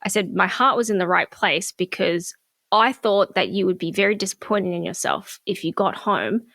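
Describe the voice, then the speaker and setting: A woman's voice: medium pitch, animated, normal speed, creaky, fairly bright tone, no room sound, clean studio sound. A middle-aged woman co-hosting a podcast, candidly telling a personal story in casual chat. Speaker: podcast co-host.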